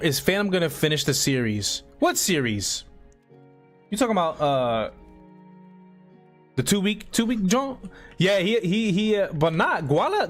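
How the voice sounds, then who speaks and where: A man live-streaming a game, chatting loosely with viewers in slang-filled, rambling talk. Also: on the high side. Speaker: gaming streamer. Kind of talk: casual live-stream chat while playing. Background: soft background music.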